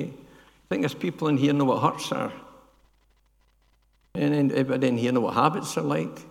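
Older man, gravelly, preaching, questions to the congregation, church with long reverb. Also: medium pitch. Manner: asks the congregation questions, adds "yeah?" tags. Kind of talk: sermon.

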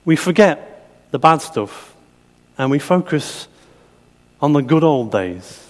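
A man's voice: fairly high pitch, expressive, slow pace. A middle-aged man preaching a sermon, chatty, often asking his listeners questions. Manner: conversational, asks the congregation questions. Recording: long hall reverb.

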